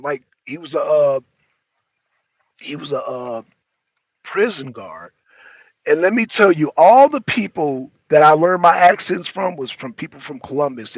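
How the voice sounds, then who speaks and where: A man's voice: medium pitch, fairly bright tone, husky, no echo, lo-fi sound. A man hosting a casual livestream talk show, rambling and slangy, often repeating himself.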